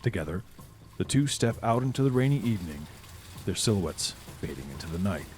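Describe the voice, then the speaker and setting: A man's voice: sits low, very animated, a little fast, darkish tone, a little hiss or hum. A man narrating a tabletop game as the game master, describing scenes vividly. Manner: descriptive, storytelling.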